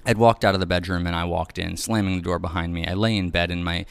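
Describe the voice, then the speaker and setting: Deep-voiced man reading a memoir. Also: steady tone, fast, creaky, clear, resonant tone, no echo. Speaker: audiobook narrator. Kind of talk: first-person memoir reading.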